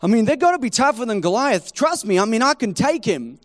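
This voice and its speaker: A man voicing David as an eager, chatty young shepherd who overshares, in an excited, raised voice. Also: very high voice, a little fast, no echo, studio quality. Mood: confident.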